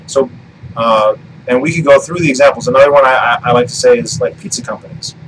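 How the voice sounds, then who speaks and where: A man's voice: medium pitch, fast talker, a bit bright, a little hiss or hum, rough recording. A man talking through an argument off the cuff, rambling, restarting sentences and swearing now and then. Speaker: political commentary vlogger. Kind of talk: casual monologue.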